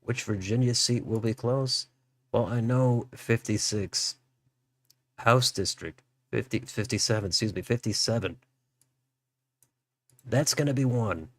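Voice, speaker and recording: A man's voice: mid-range voice, unhurried, pauses often, dry recording. A man hosting a political livestream, musing aloud as he reads out election results. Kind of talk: live election results commentary.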